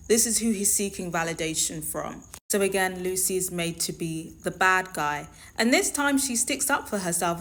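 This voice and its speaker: A woman's voice: medium pitch, a bit bright. Opinionated woman host. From London. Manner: opinionated, emphatic, conversational. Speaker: show host. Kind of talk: reality TV commentary.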